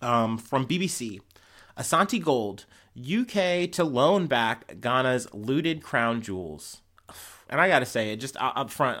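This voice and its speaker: A man's voice: mid-range voice, lively intonation, unhurried, fairly bright tone. A man hosting a podcast, talking through news stories in a rambling, profane, heated way. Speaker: podcast host. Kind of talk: casual news commentary.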